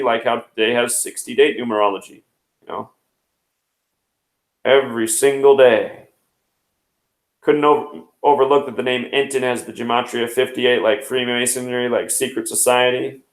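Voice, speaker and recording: A man's voice: medium pitch, fairly even intonation, echoey room, poor audio. Man in his thirties rattling off numbers. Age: 30s. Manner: rapid, number-heavy explaining. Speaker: host. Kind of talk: numerology news commentary.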